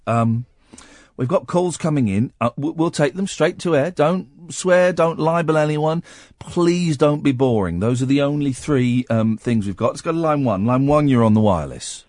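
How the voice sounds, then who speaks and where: On a studio microphone with no echo, a man hosts a late-night call-in radio show. His mid-range voice is a little mellow. He talks casually, rambling and halting with many restarts, his throat sore from a cold.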